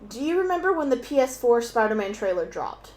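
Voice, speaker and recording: A young woman chatting casually at home as a stream guest, excitable and swearing freely, sometimes bursting into loud laughing shouts. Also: fairly high pitch, fairly quick. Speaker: guest co-host on an art stream. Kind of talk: casual chat.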